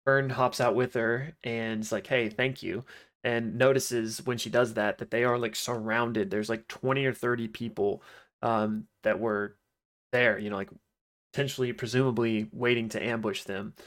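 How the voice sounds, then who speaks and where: A man's voice: medium pitch, flat delivery, normal speed, a bit bright. A man retelling the events of a game episode in a loose, casual chat, full of fillers like "you know" and "like". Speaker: podcast host recapping an episode.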